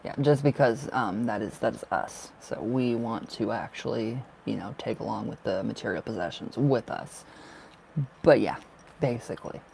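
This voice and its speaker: Man, tarot reader, casual livestream chat, gravelly fry, faint hiss behind. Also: lowish voice, normal speed. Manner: warm, gushing, laughs often.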